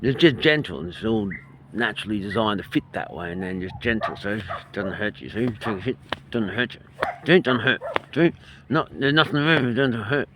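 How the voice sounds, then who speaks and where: Calm Australian man guiding breathing outdoors. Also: on the low side, noisy background. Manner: calm, slow and soft-spoken, sometimes trailing off quietly. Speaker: qigong and meditation instructor. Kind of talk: guided breathing instruction. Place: outdoors by a bay. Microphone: handheld phone, filming himself.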